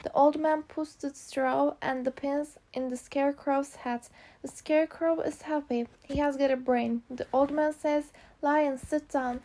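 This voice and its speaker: A woman's voice: sits high, steady tone, measured pace, mellow. A woman narrating a simple storybook for English learners, reading in a plain, careful way.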